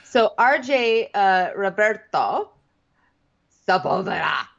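A woman's voice: medium pitch, big pitch swings, slow pace, vocal fry. A woman with a mid-range voice talks through a recap, blunt and incredulous and swearing often. The recording is slightly dull and lo-fi. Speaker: podcast co-host. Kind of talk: casual recap chat.

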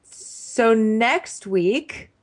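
A woman's voice: fairly high pitch, expressive, drawn-out words. A woman co-hosting a casual chat, wry and blunt. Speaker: podcast co-host.

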